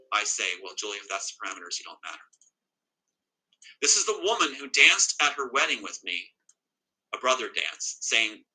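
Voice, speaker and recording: A man's voice: medium pitch, pushed and bright, slightly rough, low-quality recording. A man telling an interviewer an emotional personal account, agitated and emphatic, often repeating himself. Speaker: interview guest.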